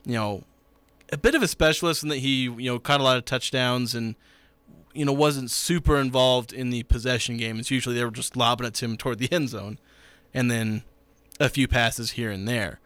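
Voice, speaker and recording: Sports radio co-host guy, bright sharp voice, dry close mic, easygoing. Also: mid-range voice, fairly quick, dry recording. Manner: easygoing, leans on "you know". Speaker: co-host and play-by-play announcer. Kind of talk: casual sports radio chat.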